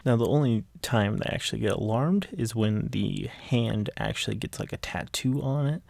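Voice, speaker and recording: A man's voice: fairly low pitch, expressive, normal speed, creaky, darkish tone, no room sound, clean studio sound. A man giving a casual, rambling recap of a manga chapter, full of fillers and repeated enthusiasm.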